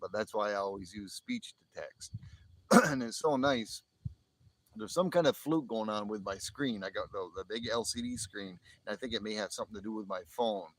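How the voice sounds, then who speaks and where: This livestream host is a man from the northern US near the Canadian border, and he rambles casually, chuckling often and restarting sentences. His voice is fairly low and moves at a moderate pace, though the audio quality is poor.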